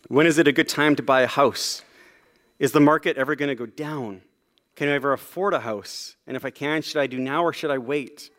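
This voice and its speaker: Pastor guy preaching, kinda high voice, super casual and chatty, lots of ums, pokes fun at himself. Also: fairly bright tone. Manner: conversational and self-deprecating, with many fillers. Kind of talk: sermon.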